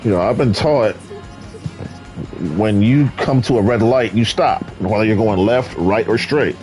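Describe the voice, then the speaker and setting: A man's voice: lowish voice, measured pace, a little mellow, faint music behind. A man ranting in an exasperated, rambling way, full of fillers, while commenting on his gameplay. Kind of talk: casual rant over gameplay.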